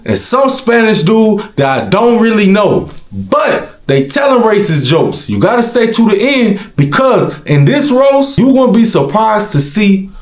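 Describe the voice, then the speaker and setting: A high, lively male voice that swoops all over as he talks to his viewers in loose slang. The commentary has the feel of a home channel. The room is roomy and echoey. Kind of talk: direct-to-camera commentary.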